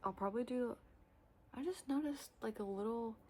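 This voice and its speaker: A young woman chatting casually to camera about her reading, rambling with lots of fillers and excited bursts. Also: on the high side, fairly quick, slight background noise. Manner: expressive, swings into loud excited bursts. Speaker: book vlogger.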